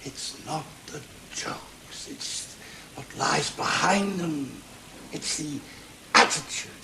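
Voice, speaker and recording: An actor playing a stern, middle-aged veteran comedian who teaches a night class and lectures in a deliberate, cutting way. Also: male voice, a little high, big pitch swings, background noise. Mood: lecturing. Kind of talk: 1970s television drama acting.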